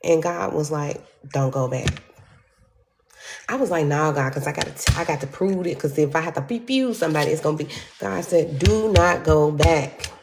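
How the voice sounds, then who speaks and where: A woman telling a story in an animated, profane way, acting out quotes with sudden jumps in pitch. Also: fast talker, gravelly, hardly any pauses, a little hiss or hum. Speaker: storyteller vlogger.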